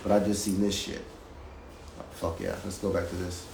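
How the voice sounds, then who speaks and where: There's vocal fry in this man's low-pitched, flat voice as he speaks at a normal speed. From his home music setup he reacts to a video with an emphatic, repetitive, profanity-laced rant, captured in a roomy space with faint background hiss.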